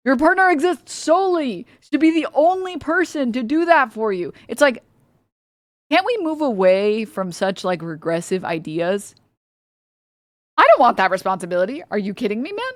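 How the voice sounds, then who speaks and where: A woman's voice: on the high side, very animated, measured pace, no room sound, studio quality. A woman streamer giving reaction commentary, ranting with incredulous, profane remarks.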